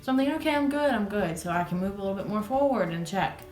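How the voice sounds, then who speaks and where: A woman's voice: medium pitch, lively intonation, fast, loud music behind the voice. A young adult woman casually telling a dramatic personal story on her vlog, swearing, laughing and exaggerating as she goes. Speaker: vlogger. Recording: echoey room.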